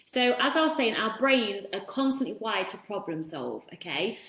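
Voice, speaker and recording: A woman's voice: mid-range voice, big pitch swings, moderate pace. A woman hosting a casual self-help talk, chatting freely and breaking off to greet viewers. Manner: chatty, warm asides to viewers. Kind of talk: casual live-stream talk. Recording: roomy echo.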